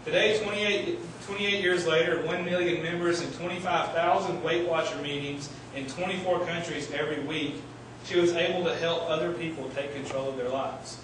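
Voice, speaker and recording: High-voiced preacher in an echoey hall. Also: male voice, normal speed, hardly any pauses, background noise. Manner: animated storytelling, shouting quoted lines. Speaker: pastor. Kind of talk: sermon. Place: church sanctuary. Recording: echoey church hall, mic at a distance.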